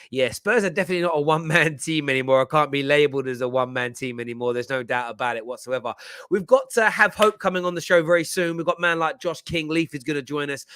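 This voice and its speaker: A man hosting a live football reaction stream, talking in an animated, jokey way and reading out viewer comments. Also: mid-range voice, dry recording. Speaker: football channel host.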